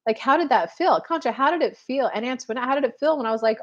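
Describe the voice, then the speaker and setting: A woman's voice: a little high, expressive, fairly quick, dull audio. A woman, a spiritual coach hosting a casual live show and chatting straight to her viewers with many fillers. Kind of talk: casual live-stream chat.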